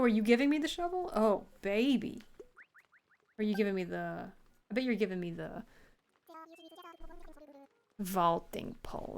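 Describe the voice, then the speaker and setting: A woman's voice: mid-range voice, vocal fry, slight background noise. A woman casually chatting while she streams a video game, rambling, joking and swearing as she plays. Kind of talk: casual gameplay commentary.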